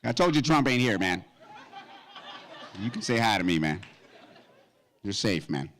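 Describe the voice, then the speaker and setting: A man in his fifties performing a stand-up comedy routine at a gala, animated and breaking into high falsetto song snippets. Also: measured pace, a faint crowd, slight background noise. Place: event stage before a live audience.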